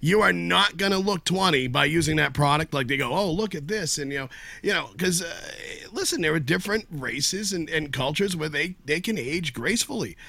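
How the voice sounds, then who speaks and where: A man's voice: on the high side, animated, brisk, gravelly, sharp tone, dry recording. A man filling in as guest co-host on a film podcast, rambling and joking in casual chat. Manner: rambling, joking, stammering restarts.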